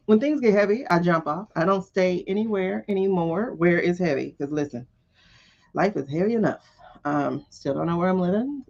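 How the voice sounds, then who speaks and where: Blunt, animated woman tarot streamer. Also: on the low side, muffled recording. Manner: blunt and animated, swears freely, laughs often. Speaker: tarot reader hosting a live stream. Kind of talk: casual live-stream chat.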